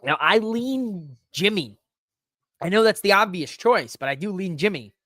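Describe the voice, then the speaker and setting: A man hosting a podcast alone, talking in an excitable, rambling way that swears freely. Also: high voice, measured pace, no echo, studio quality. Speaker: podcast host. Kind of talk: casual solo wrestling recap.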